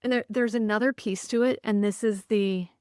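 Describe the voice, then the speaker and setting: A podcast guest, this woman tells conversational stories with real earnestness and many restarts. Her medium-pitched voice is smooth and darkish, with fairly even intonation and a normal pace, recorded cleanly in a studio with no echo.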